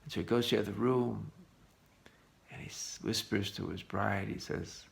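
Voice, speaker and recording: A man with a low, gravelly voice teaching a Torah lesson. He retells an old story with energy, often restarting his phrases. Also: steady tone, moderate pace.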